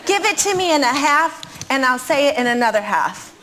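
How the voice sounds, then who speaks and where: High, animated woman talk show guest. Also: a little fast. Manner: animated, exclaiming. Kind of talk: playful studio chat. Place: television studio with a live audience. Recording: noisy studio with audience. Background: audience noise and laughter.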